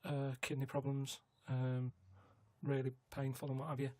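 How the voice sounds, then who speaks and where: Male regular, deadpan, matter-of-fact, mid-pitched. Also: normal speed. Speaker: regular guest. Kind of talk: casual chat.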